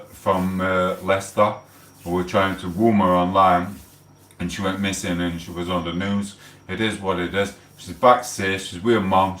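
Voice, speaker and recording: A man's voice: sits low, a bit bright. A man, rambling and swearing in a heated rant on a casual livestream. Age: 40s. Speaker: livestream host. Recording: echoey room, mic held far off.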